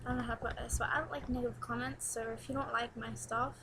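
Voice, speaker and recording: A teenage girl chats into her webcam at home, her voice sitting a little high. She rambles from one thing to the next and breaks into giggles often. A faint hiss runs under the home recording. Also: little pitch movement, quick pace. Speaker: new vlogger. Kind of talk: casual webcam chat.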